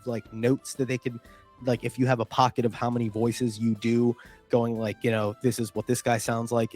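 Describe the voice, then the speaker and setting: A man's voice: mid-range voice, darkish tone. A man co-hosting a casual gaming chat, explaining things at length with many filler sounds. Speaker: podcast co-host.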